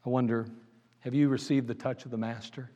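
A man's voice: medium pitch, steady tone, brisk, dull audio. Man preaching in a reverberant hall. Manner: rhetorical questions, swings from loud pleading to hushed. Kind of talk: sermon. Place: church.

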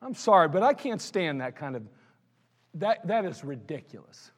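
Blunt preacher guy with a high voice, scolding the crowd, big echoey church. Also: very animated, normal speed. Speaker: pastor. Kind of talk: sermon. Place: church sanctuary. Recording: long hall reverb of a church sanctuary.

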